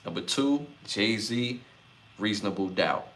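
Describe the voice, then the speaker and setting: A man's voice: fairly low pitch, lively intonation, slow pace, fairly bright tone, a little hiss or hum. A man from Brooklyn, hosting a live podcast, reading out chat comments and repeating his lists. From Brooklyn, New York. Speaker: podcast host.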